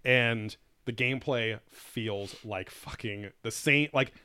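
A man's voice: mid-range voice, slow pace, pushed and bright, smooth, dry recording. A man co-hosting a casual podcast chat, rambling and profane with lots of filler words. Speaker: podcast co-host.

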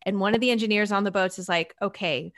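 A woman's voice: mid-range voice, rapid-fire. A woman podcast host telling a story in a conversational way, acting out the characters' lines as she goes. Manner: animated storyteller, acts out quoted characters.

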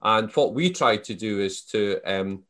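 A man's voice: lowish voice, a little slow. A Scottish man being interviewed, telling stories casually with frequent restarts and fillers. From Scotland. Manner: storytelling, animated, many restarts and fillers. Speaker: guest.

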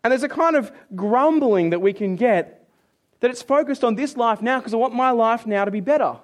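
Male preacher, higher voice, lively sermon delivery that dips low for readings. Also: moderate pace. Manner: animated, acts out complaining voices, drops low for scripture.

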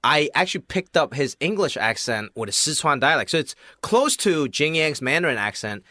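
A man chatting on a podcast and telling stories with lots of life in his voice. His pitch moves a lot, and his sound is bright and close to the mic, with no room around it. He often drops into quieter asides. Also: moderate pace, dry recording. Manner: animated, storytelling, trails off into quiet asides. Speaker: actor and podcast guest. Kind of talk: casual chat.

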